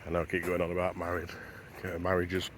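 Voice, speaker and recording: A man's voice: deep voice, monotone, fast, slight background noise. A man vlogging as he walks a beach at sunrise, chatting to camera and wondering aloud as he goes. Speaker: travel vlogger. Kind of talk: casual walking narration to camera. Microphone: handheld camera while walking.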